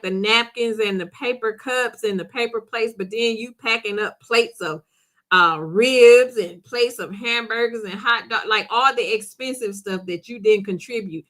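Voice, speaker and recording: Bright-toned middle-aged woman, chatty live-chat host who answers viewer comments directly and laughs often. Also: on the high side, normal speed. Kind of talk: casual chat.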